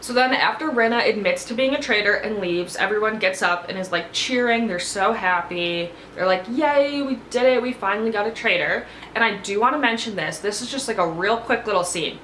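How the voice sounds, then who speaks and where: A woman's voice: mid-range voice, a little fast, hardly any pauses, a bit bright, slight background noise. A woman giving a casual, opinionated recap of a reality show, blunt and sarcastic, swearing freely. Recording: echoey room.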